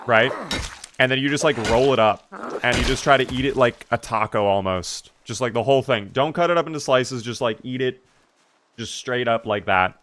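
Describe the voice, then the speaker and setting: Male streamer, mid-pitched, laid-back gaming chatter with sudden excited upswings. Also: a little hiss or hum. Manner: chatty, relaxed, reads and answers chat. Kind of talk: casual live-stream gaming commentary.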